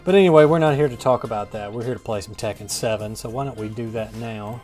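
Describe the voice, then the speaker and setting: Gaming host, male, mid-pitched, wry and self-mocking, faint music underneath. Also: fast, darkish tone. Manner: wry, self-deprecating, rambling. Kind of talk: casual gameplay commentary.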